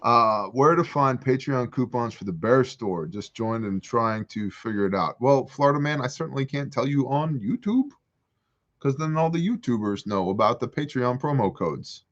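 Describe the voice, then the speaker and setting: A man chats on a livestream from his porch, reading out viewer comments and riffing on them with playful, animated humor. His voice sits at an ordinary middle pitch. The audio is a little dull and lo-fi, like a typical stream mic. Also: moderate pace. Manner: joking, animated, reads chat aloud. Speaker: livestream host answering viewer questions. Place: outdoors on a porch.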